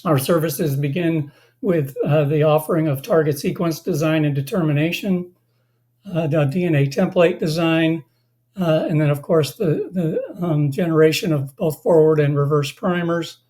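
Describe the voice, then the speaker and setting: A company presenter leads a webinar in a mellow, medium-pitched voice that's slightly hoarse, as if losing it. Delivery is halting, with many filler sounds and restarts.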